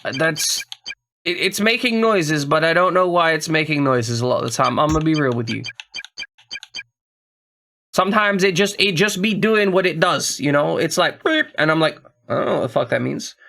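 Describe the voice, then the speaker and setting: Casual male streamer, gravelly and a touch high, confused running commentary, noisy recording. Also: normal speed, sharp tone. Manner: puzzled, thinking aloud, profane asides.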